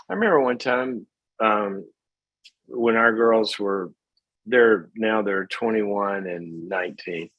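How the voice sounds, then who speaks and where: Animated husky middle-aged man giving advice. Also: medium pitch, no echo, muffled recording. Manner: animated, folksy, acts out little scenes. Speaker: host of a call-in advice show. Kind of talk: casual advice talk.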